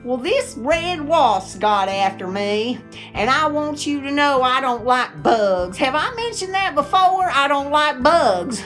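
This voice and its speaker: A middle-aged woman, telling folksy stories to camera in a chatty, animated way and laughing often. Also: sits high, slow, faint music behind. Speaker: vlogger.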